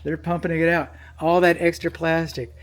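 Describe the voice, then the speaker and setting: A man's voice: on the high side, flat delivery, normal speed. A middle-aged man, a home inspector, talking his way through an electrical panel inspection, repeating points and coaxing himself along. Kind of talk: on-site inspection walkthrough.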